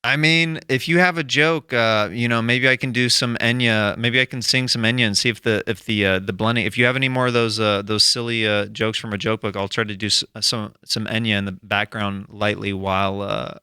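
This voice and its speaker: Bright-voiced rambling podcast host. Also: male voice, fairly low pitch, steady tone, a little fast, smooth, no room sound, studio quality. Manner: enthusiastic, rambling with restarts. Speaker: comedian. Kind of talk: casual chat.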